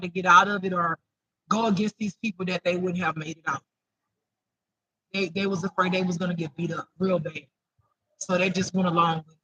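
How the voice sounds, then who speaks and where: A man's voice: high-pitched, fairly even intonation, normal speed, pushed and bright, no echo, dull audio. A man giving an improvised spiritual reading to viewers, emotional and close to tears, repeating himself in a chatty way. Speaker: intuitive spiritual reader.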